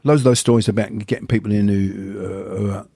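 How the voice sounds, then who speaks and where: Gravelly older man who stammers. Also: on the low side, steady tone, quick pace, dark tone, dry recording, studio quality. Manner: stammers, repeating first sounds. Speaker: martial arts teacher, guest. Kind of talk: casual interview storytelling.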